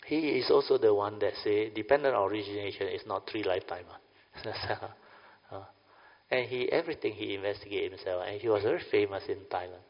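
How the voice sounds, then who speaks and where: Older man, Buddhist teacher, dharma talk, low voice, dull lo-fi sound, long hall reverb. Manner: chatty, keeps checking the audience with "huh?" and "understand or not?".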